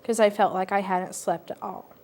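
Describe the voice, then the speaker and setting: A woman telling her personal story in a reflective, halting way, with frequent pauses and fillers. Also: mid-range voice, fairly even intonation, darkish tone. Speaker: interviewee sharing personal story. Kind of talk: personal testimony.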